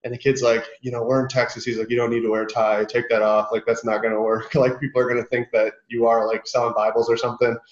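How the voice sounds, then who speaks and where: A man's voice: mid-range voice, fast, hardly any pauses. Guy from michigan telling sales stories on a video call, roomy echo, kinda muffled. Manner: animated storyteller, acts out quotes. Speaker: guest, sales professional. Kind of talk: casual podcast interview.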